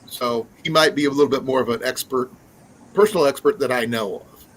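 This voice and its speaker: Man, live-stream host, casual chat, rambling, lots of ums, mid pitch. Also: fairly quick, fairly bright tone, slight background noise, poor audio. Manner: rambling, with many fillers and restarts. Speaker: livestream host.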